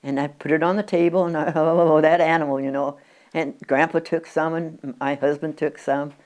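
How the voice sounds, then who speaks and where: In an interview at her country home, a woman in her 90s from Oregon, USA, looks back on the past, rambling chattily with lots of restarts. She has a deep, darkish voice, a steady tone and a normal speaking speed.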